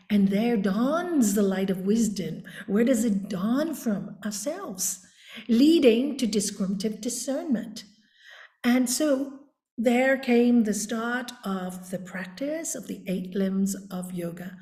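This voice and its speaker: A woman with a warm, mellow voice speaks unhurriedly, like a teacher. She tells reflective stories as a yoga guide. Her voice sits in a roomy, echoing space. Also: a little high, lively intonation. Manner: slow, deliberate teaching tone. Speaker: yoga teacher, interview guest. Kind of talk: reflective storytelling. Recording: roomy echo.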